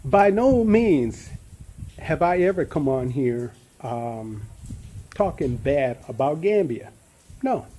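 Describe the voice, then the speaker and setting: A man in a casual vlog, talking in a relaxed, rambling way with many fillers and restarts. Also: fairly high pitch, slow, a little hiss or hum. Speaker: vlogger. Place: in Gambia, outdoors.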